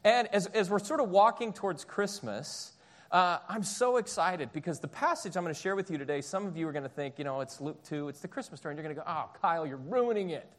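Chatty high-voiced male pastor. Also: fast talker. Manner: chatty, storytelling, animated. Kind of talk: casual sermon.

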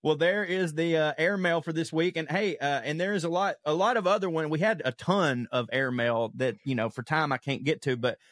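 A man's voice: fairly high pitch, a little fast, few pauses, a bit bright, no echo. A man co-hosting a podcast, reading listener letters aloud in a loose, profane way with chuckles. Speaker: podcast co-host. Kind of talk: casual chat, reading listener mail.

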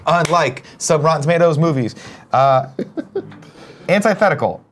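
A man with a fairly high voice hosts a casual morning talk show at a measured pace, with background noise. He reads viewer questions, jokes with his co-hosts and swears now and then, keeping it lively.

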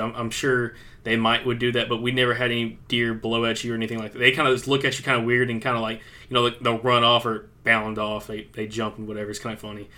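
A man co-hosting a podcast, retelling a hunt in a casual, animated way with lots of fillers. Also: mid-range voice. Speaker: podcast co-host. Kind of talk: casual hunting storytelling.

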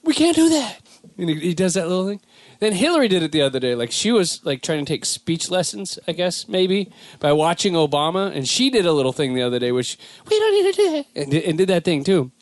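On his comedy podcast, this young SoCal host rambles with lots of animation and drifts into goofy impressions. He talks fast in a slightly high voice on a dry recording.

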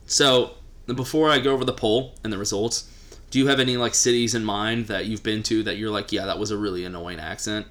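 Man, podcast host, casual teasing chat, bright forceful voice. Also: on the low side, steady tone, fairly quick. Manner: joking, teasing, runs the segment.

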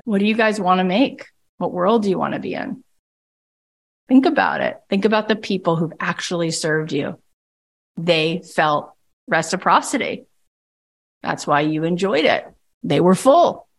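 A woman coach leading a group call, talking emphatically and bluntly and jumping into mocking voices to make her points. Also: fairly low pitch. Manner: emphatic and animated, with big swings into mocking voices; blunt and profane at times. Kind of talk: impassioned coaching talk.

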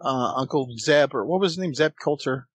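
A man's voice: medium pitch, a little fast, breathy edge, no echo. A man co-hosting a casual podcast, laid-back and chuckling as he adds trivia asides. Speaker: podcast co-host.

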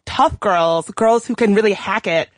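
A woman co-host chats casually on a podcast, quick and full of fillers. Her voice is recorded dry and close. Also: medium pitch, dry recording. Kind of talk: podcast interview.

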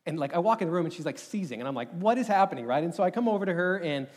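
A young man telling a personal story in a sermon, animated and rambling, with many filler words. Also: fairly high pitch, very fast. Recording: long hall reverb.

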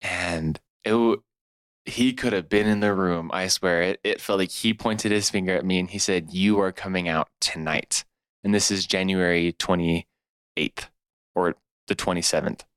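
A man's voice: deep voice, steady tone, unhurried, smooth, dry recording. A young man in his twenties from California, earnestly telling a heartfelt personal story as a podcast guest. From California, USA. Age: 20s. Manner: earnest and heartfelt, laughs at himself.

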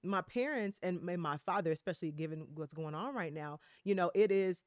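A woman's voice: fairly low pitch, brisk, a little mellow, no echo, studio quality. Reflective woman coach on a podcast. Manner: reflective, hesitant, many fillers and restarts. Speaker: money and business coach, guest. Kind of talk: conversational podcast interview.

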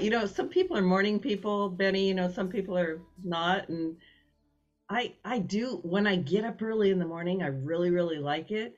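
Woman radio host, giggly rambling morning chat, mid pitch, slightly muffled lo-fi sound. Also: normal speed. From Pacific Northwest.

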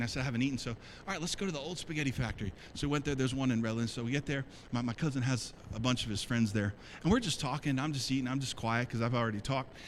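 A man preaching a sermon as pastor, telling a personal story in a lively, conversational way to his church. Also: mid-range voice, slight background noise, poor audio. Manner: animated, conversational, talks to congregation. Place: church sanctuary.

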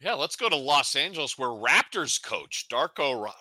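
A man co-hosting a sports podcast, chatting casually with animated, jokey ranting. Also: medium pitch, moderate pace, dry recording, poor audio. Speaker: podcast co-host.

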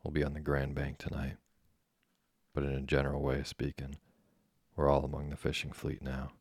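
A grave, unhurried ship's engineer, read by a man. The voice is extremely low and husky and stays flat. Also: no echo, clean studio sound, exaggerated voice. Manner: grave, measured.

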